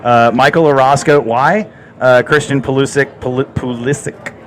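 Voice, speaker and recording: A man's voice: medium pitch, fairly even intonation, measured pace, a crowd in the background. Blunt sarcastic man. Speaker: podcast co-host. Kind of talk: casual sports chat.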